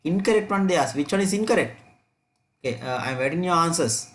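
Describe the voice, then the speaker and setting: A man's voice: on the high side, animated, quick pace, a bit bright. A man teaching an online chemistry revision class, repeating key points and checking students' answers aloud.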